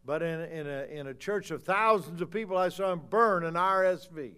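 An older man preaching a fiery sermon, swinging from low muttering to loud shouts. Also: normal speed. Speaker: pastor.

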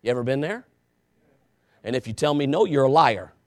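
A man preaching a sermon, telling a story with asides to the congregation and swinging from shouting to quiet confession. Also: mid-range voice, lively intonation, brisk.

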